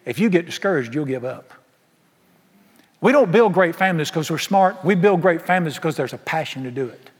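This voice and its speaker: A husky, fairly high male voice with lively intonation and a brisk pace belongs to a pastor firing rhetorical questions at his congregation in a folksy, emphatic sermon. The recording, made in a church sanctuary, has a large hall's long reverb.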